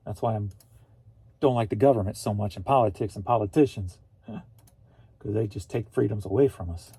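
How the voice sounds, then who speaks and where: A man's voice: lowish voice, normal speed, pauses often, mellow, breathy edge, no echo. A man from St. Louis, Missouri, a reseller vlogger chatting casually in a rambling, jokey way. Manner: rambling and jokey, laughs often. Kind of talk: casual chat.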